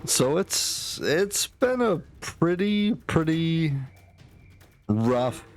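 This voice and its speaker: A man's voice: fairly high pitch, very animated, extremely slow, faint music behind. A man narrating as dungeon master, rambling with many fillers and restarts. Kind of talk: narrating a tabletop game.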